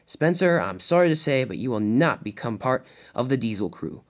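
A scheming diesel gang leader from a storybook, giving cold, bossy commands, as the reader puts him on. His pitch moves around more than a plain voice would. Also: very animated, moderate pace, close to an everyday voice. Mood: commanding.

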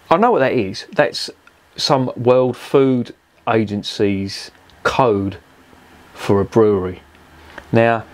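A man's voice: medium pitch, darkish tone. A man reviewing a beer in a rambling, profane, exasperated rant. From England. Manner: swears constantly, rambling and exasperated.

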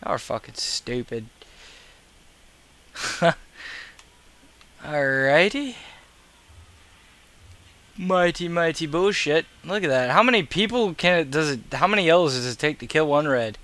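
A man's voice: a little high, expressive, unhurried, pauses often, a bit bright. Tired, grumbling gamer man. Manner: profane, grumbling, sarcastic. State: tired and yawning. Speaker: gaming video creator. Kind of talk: casual gameplay commentary.

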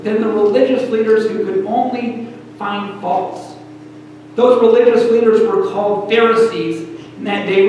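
Male preacher, storytelling sermon, higher voice, roomy hall sound with faint hum. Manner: storytelling preacher, pausing often in short phrases. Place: church sanctuary. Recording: echoey hall, distant mic, faint hum.

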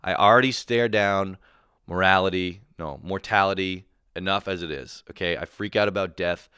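A man hosting a comedy podcast, telling a profane, animated solo rant with quick voiced impressions. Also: low voice, smooth, dry recording, clean studio sound.

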